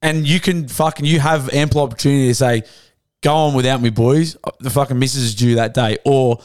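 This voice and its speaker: A sweary man co-hosting a casual podcast with a smooth, clean voice. He talks bluntly and matily, and the sound is dry and close, with no room around it. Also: mid-range voice, fairly even intonation, brisk, a little mellow, no room sound. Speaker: podcast co-host. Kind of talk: casual banter.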